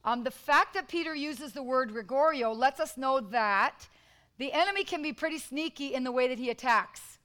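A woman's voice: sits high, normal speed, bright, forceful tone, rough recording. A woman preaching a sermon in church, emphatic and repetitive, calling out to the congregation.

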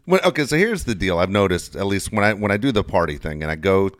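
Man with a low, expressive voice trading candid stories with a friend. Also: fast talker, no echo, clean studio sound. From Southern California. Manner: candid, swears, tells anecdotes. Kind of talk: casual chat.

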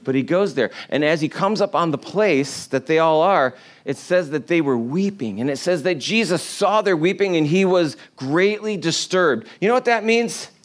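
A man's voice: fairly high pitch, normal speed, hardly any pauses. Conversational man preaching a sermon. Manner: conversational, storytelling with lively acted quotes and soft laughs. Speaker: pastor.

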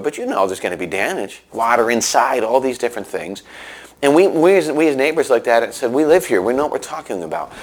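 A man giving a sermon in a conversational way, telling a story with many restarts and lively asides. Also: on the high side. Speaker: preacher.

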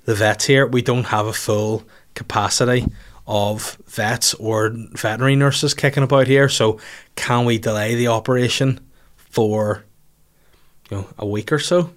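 A man's voice: medium pitch, fairly even intonation, unhurried. A man telling a long, rambling story in casual chat, swearing and laughing at himself as he goes.

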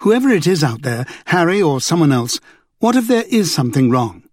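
A man's voice: fairly high pitch, big pitch swings, fairly quick, darkish tone, no room sound, clean studio sound. A man voicing an urgent, resolute young woman in an audiobook. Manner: urgent, insistent.

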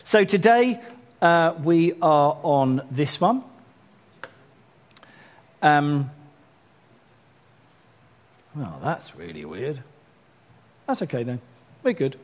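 A man leading a church gathering as pastor, chatting through announcements in a self-deprecating way and growing animated when he urges the congregation on. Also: on the high side, very slow, long pauses.

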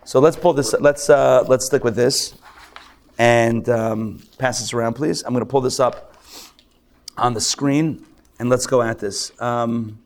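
A man teaching a live class as a rabbi, animated, acting out the voices of people he describes. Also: mid-range voice, a little slow, creaky. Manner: animated, acts out excited and grumbling voices. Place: lecture room with a live audience.

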